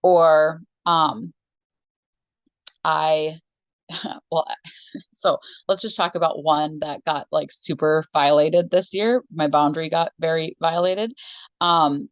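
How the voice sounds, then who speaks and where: Brief: low-pitched woman co-host, chatty and rambling, dry muffled sound. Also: steady tone, a little slow, no echo. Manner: rambling storyteller who acts out conversations with laughs. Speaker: podcast co-host and shop teacher. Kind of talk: casual podcast chat.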